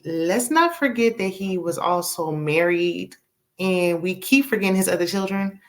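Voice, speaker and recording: A woman hosting a casual TV episode recap, sassy and animated, acting out the characters' lines. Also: lowish voice, measured pace. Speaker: TV recap host.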